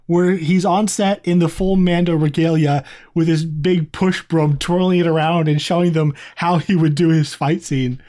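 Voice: medium pitch, fairly even intonation, moderate pace, dark tone. A podcast co-host in a casual review chat, talking in a chatty, rambling way with many asides.

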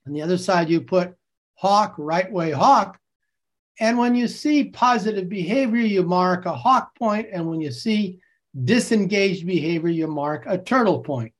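A man coaching teachers over a video call, slowly explaining a classroom game and acting out its calls with bursts of energy. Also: high voice, expressive. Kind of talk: enthusiastic classroom-technique demonstration.

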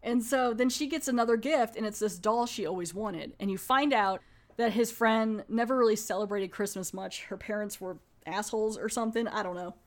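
A woman's voice: medium pitch, a little fast. Chatty woman retelling a movie. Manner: chatty, retells scenes with quoted lines and "like". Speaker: movie reviewer. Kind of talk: casual spoken film review.

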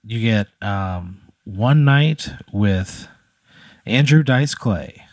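A man with a lowish voice tells a made-up comic scenario in a loose, meandering way, often pausing to check in with his listener. The sound is dry and close to the mic. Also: animated, dry recording. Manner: loose, rambling delivery with frequent "right?" check-ins. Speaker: podcast co-host posing a hypothetical. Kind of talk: improvised comedic storytelling.

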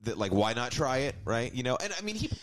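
A man talking as a podcast guest, animated and rambling, who gets worked up and swears. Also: medium pitch, fast. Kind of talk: casual chat.

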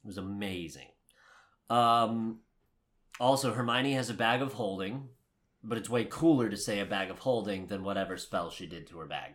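A man co-hosting a casual movie review podcast, ranting with lots of swearing, swinging from heated shouting to low muttering. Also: normal speed. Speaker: podcast co-host.

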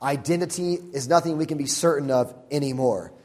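A man's voice: a little high, a little fast, darkish tone. Preaching man in an echoing hall. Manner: emphatic preaching with repeated phrases. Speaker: pastor. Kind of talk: sermon. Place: church sanctuary.

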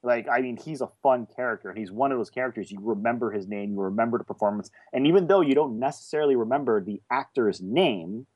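A man's voice: mid-range voice, quick pace, few pauses. Opinionated man debating films. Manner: animated, opinionated. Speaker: podcast co-host. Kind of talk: casual film discussion.

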